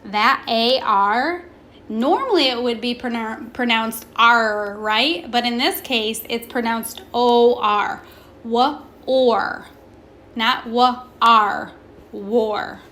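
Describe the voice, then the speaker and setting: A woman teaching a recorded class, slowly modelling pronunciation and asking questions. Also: fairly high pitch, sharp tone. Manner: slow, deliberate, stretches words to model pronunciation; asks questions and pauses for students. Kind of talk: recorded remote classroom lesson.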